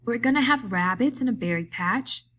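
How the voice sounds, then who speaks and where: Woman playing a scared simple big guy, pleading, halting, repetitive, storybook reading. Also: on the high side, lively intonation, fairly bright tone, voice pushed up. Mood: insistent. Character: big, simple, frightened man-child.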